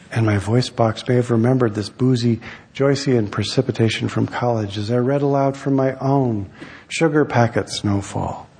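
A man, an author, reading his own essay aloud in a wry, measured storytelling manner. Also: medium pitch, a little mellow, long reverb tail, a little hiss or hum. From United States.

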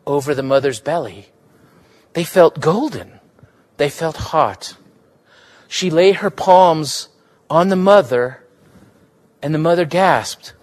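A man giving a live reading of literary fiction, measured and unhurried in his storytelling. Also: a little high. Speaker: reader.

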